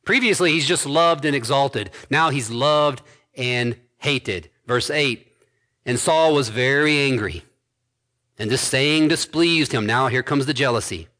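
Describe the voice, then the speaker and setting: A man preaching an expository sermon, building to emphatic points with quick asides. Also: mid-range voice, sharp tone. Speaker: pastor.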